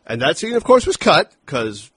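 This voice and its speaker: A man's voice: a little high, very animated, normal speed, a bit bright, slightly rough. A man co-hosting a film review podcast, talking casually and profanely, acting out lines from the movie. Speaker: podcast co-host.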